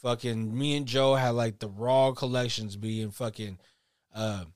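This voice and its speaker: A laid-back man on a casual podcast with a medium-pitched voice, recorded dry and close. He drifts through a story in loose street slang and swears often. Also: fairly even intonation, measured pace, no echo. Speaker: podcast co-host. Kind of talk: casual chat.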